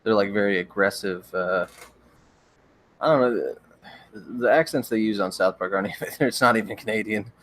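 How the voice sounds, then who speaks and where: A young man hosting a livestream, chatting casually with viewers in a relaxed, rambling way with frequent stammered restarts. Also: fairly low pitch, normal speed. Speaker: livestream host. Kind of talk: casual chat reading viewer comments.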